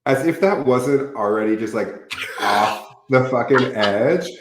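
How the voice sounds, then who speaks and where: A man's voice: mid-range voice, a little slow, background noise. A young man co-hosting a podcast, chatting casually about reality TV with playful, sarcastic asides and laughter. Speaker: podcast co-host. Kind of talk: casual chat recapping reality TV. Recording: roomy echo.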